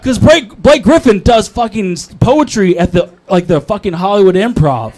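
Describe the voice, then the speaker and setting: A young man works an open mic crowd with a crude, mocking, rambling set. His voice sits high for a man. He is heard through a handheld stage mic in a comedy club. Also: expressive, moderate pace, a little mellow. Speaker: stand-up comedian.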